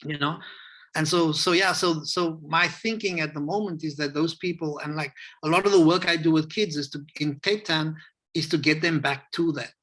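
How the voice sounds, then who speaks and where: A man's voice: a little high, moderate pace, fairly bright tone. Reflective South African man on a video call. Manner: reflective, rambling, acts out quoted voices. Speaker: hip hop educator, interview guest. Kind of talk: casual interview conversation.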